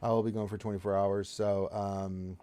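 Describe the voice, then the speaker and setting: A man hosting a live gaming stream, energetic and jokey, welcoming viewers and guests. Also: fairly low pitch, moderate pace. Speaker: host.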